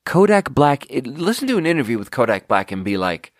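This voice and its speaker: A man's voice: medium pitch, very animated, fairly quick, no room sound, studio quality. Cursing, rambling man. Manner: profane, digressive, restarts often. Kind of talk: casual rambling monologue.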